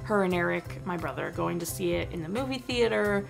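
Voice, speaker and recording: A woman's voice: fairly low pitch, a little fast, gravelly, music in the background. A young woman chatting casually as she reviews a movie for her vlog, filling her talk with "like.". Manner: chatty, full of "like" fillers.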